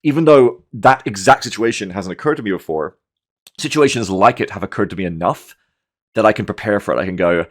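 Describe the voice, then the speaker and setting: A man in his thirties talks through a game replay in a loose, conversational way. His voice sits a little low, and he gets animated, swears freely and acts out his own panicked reactions in quick bursts. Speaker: gaming commentator. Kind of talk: casual match review commentary.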